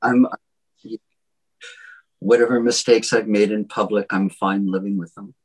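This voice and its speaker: A man with a soft Southern US accent, a songwriter talking about his songs in a reflective, halting way with many restarts. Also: on the low side, steady tone, husky, low-quality recording. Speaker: songwriter guest. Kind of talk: reflective interview talk.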